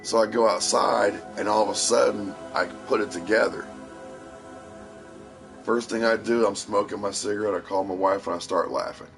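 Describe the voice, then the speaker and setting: A man's voice: on the low side, fairly even intonation, moderate pace, vocal fry, over music. A man casually telling a long story, rambling and swearing freely with a tough edge. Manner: profane, rambling, tough-talking. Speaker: streamer.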